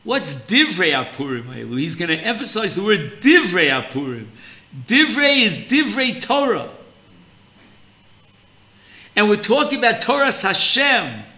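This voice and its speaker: A man giving a slow, deliberate Torah lesson on a holiday theme, speaking with an of terms. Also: high-pitched, sing-song, sharp tone. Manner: slow, deliberate teaching, mixing Hebrew terms. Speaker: rabbi teaching Torah.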